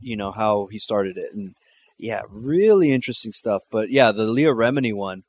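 A man's voice: lowish voice, animated, normal speed, darkish tone. A man in casual chat, mostly reacting with short easygoing replies.

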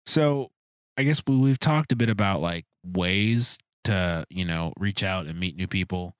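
A man's voice: sits low, a little slow, clean tone, no room sound. A man hosting a podcast, asking long, rambling, searching questions in a casual chat. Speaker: podcast host. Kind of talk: casual conversational interview.

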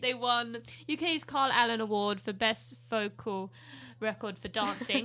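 British woman co-host, bright and slightly high voice, giggly rambling chat. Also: normal speed, hardly any pauses. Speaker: podcast co-host. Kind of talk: casual chat.

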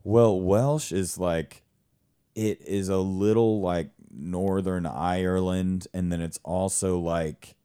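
Low-pitched male stage actor in relaxed conversation; lively anecdotes, quick to laugh. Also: clear, resonant tone. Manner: animated storyteller, laughs often. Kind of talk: casual conversation.

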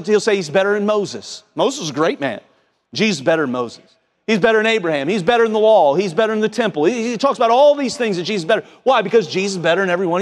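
A man preaching a sermon in a folksy, excitable way, often repeating and restarting his words. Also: high voice. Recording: long hall reverb.

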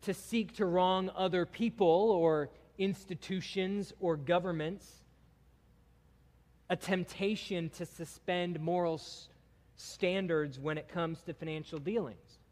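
A man's voice: high-pitched, steady tone, takes it slowly, a little mellow. A man preaching a sermon, emphatic and building intensity through his lists. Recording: long hall reverb.

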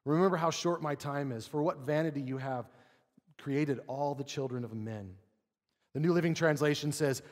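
A man preaching a sermon as pastor, earnest, asking rhetorical questions and dropping quiet to read scripture. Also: on the high side, moderate pace. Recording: long hall reverb.

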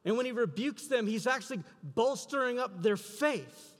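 High-voiced preacher man in a reverberant hall. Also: expressive, moderate pace, hardly any pauses. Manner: preaching, rising to loud emphatic passion. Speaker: pastor. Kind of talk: sermon.

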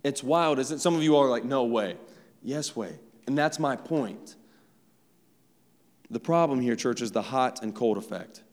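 A man's voice: medium pitch, moderate pace, pauses often. Preaching man in a reverberant church. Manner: conversational preaching, addresses the church directly. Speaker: pastor. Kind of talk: sermon. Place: church sanctuary. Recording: long reverb of a church hall.

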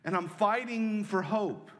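A man preaching as a pastor, earnest, moving between loud pleading lines and soft hushed ones. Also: high-pitched, unhurried. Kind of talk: sermon. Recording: long hall reverb.

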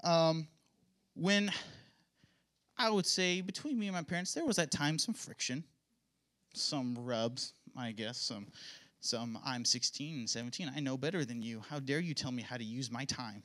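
A young man speaks at church about his upbringing, mixing earnest testimony with playful, self-mocking jokes. His voice sits a touch high and rings bright and clear. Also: expressive, normal speed. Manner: joking, self-mocking asides. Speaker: pastor's son giving a church talk. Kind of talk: casual sermon testimony.

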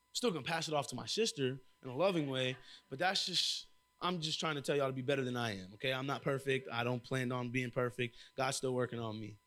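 A young man preaching a sermon, telling lively personal stories and calling out to the congregation. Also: medium pitch, a little fast. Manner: lively storytelling with crowd call-outs. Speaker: church intern preaching.

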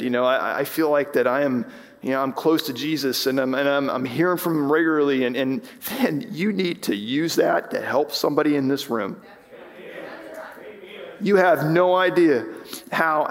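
A man's voice: fairly high pitch, big-room sound. A man preaching as pastor, impassioned, rising and falling with emphasis, often restarting his sentences. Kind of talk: sermon. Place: church sanctuary.

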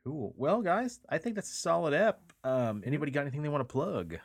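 A man's voice: on the high side, expressive, fairly quick, no room sound. A man co-hosting a paranormal podcast in casual chat, laid-back and cussing freely, with emphatic sign-offs. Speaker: podcast co-host.

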